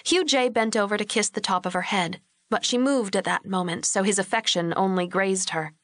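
A woman's voice: mid-range voice, normal speed, a bit bright, dry recording, clean studio sound. Woman narrating an audiobook. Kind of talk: scripted narration.

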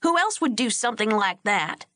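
A brash, hotheaded young ranch son, voiced by a woman narrator, raising his voice higher and pushing hard. He sounds indignant and quick to blow up. Dry close recording. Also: lively intonation, a bit bright, no room sound.

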